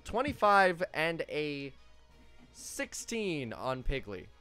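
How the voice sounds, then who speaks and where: A man's voice: fairly high pitch, sing-song, takes it slowly, pushed and bright, clear, resonant tone, faint music behind. A man narrating as game master of a tabletop game, loose and joking, with many fillers.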